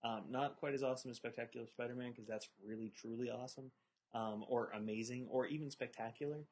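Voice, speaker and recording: Husky young man gushing as a podcast co-host. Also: medium pitch, fairly even intonation, fast, darkish tone, rough recording. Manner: enthusiastic fan talk with many ums. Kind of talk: casual podcast chat.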